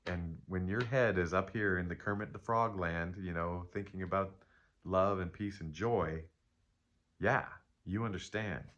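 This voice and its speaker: A man's voice: low-pitched, measured pace, fairly bright tone, highs cut off. A man giving a casual spiritual tarot reading, rambling and joking with himself as he talks. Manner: rambling, self-interrupting, playful asides. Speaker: tarot reader.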